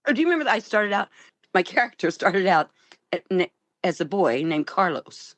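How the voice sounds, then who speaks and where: An older woman, a guest actress, telling stories in an interview, animated and laughing often. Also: mid-range voice, fairly quick, no echo. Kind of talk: storytelling interview.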